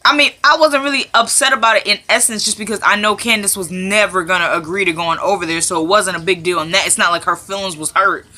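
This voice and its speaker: A woman's voice: lowish voice, steady tone, quick pace, few pauses, sharp tone. A woman vlogger giving a chatty, casual recap of a TV episode, often repeating herself for emphasis.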